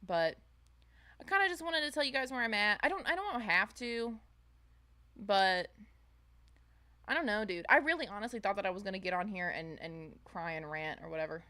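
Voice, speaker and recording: A woman's voice: lively intonation, moderate pace, pauses often, sharp tone. A young woman streamer chatting casually with her viewers at home, rambling with fillers and restarts. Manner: high baby-talk voice to her pets. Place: home, indoors.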